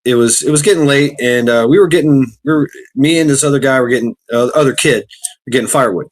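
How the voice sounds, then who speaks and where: A man hosting a podcast in casual chat, rambling with many halting restarts. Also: medium pitch. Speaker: podcast host.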